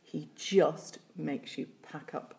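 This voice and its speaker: A woman with a Leeds accent talks on a comedy podcast in a fairly low voice. She rambles, restarts and fills gaps with ums. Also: slow pace, gravelly, darkish tone. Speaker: comedian guest. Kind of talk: casual comedy podcast chat.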